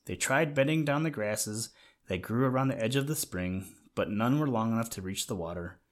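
Reading from a storybook, a man narrates a children's tale in a calm, even manner. His pitch is typical middle range for a man, and he keeps the pace gentle and measured.

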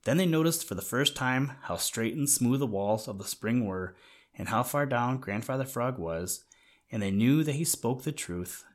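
A man gently reading a children's animal story aloud in a measured way. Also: medium pitch, animated. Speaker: narrator.

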